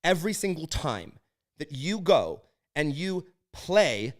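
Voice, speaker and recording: An emphatic man in his thirties tells a story in a loose, casual monologue. His pitch swings widely and sits a little high for a man. He stumbles over restarts and fillers, then drives his points home. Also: very animated, slow.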